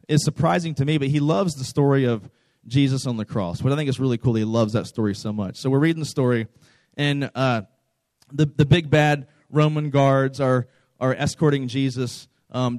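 A man's voice: medium pitch, a little mellow, dry recording. A young adult man preaching a conversational sermon as a pastor, earnest and direct, often repeating phrases and asking the listeners questions.

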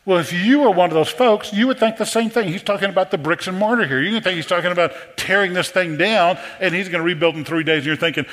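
Male pastor, sermon, slightly high voice, animated questions to the pews, long hall reverb. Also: quick pace, hardly any pauses. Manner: animated preaching with rhetorical questions to the congregation.

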